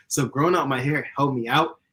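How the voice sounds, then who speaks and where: Giggly fast-talking young man. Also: medium pitch, sharp tone, rough recording. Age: young adult. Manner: fast, giggly, laughs often. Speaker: YouTuber giving dating advice. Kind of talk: casual chat.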